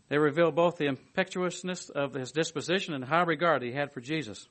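A man giving a sermon, reading a commentary aloud and adding his own asides, moving between emphatic bursts and quiet, hushed stretches. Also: on the high side, brisk, hardly any pauses. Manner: lively, swings from emphatic to hushed. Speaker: preacher.

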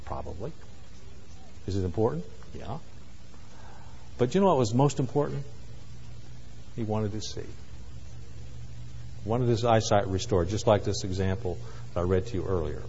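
A man preaching a sermon, swinging from loud cries to hushed, quiet asides. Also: fairly low pitch, expressive, normal speed, vocal fry, pauses often, a little hiss or hum. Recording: muffled, with long hall reverb.

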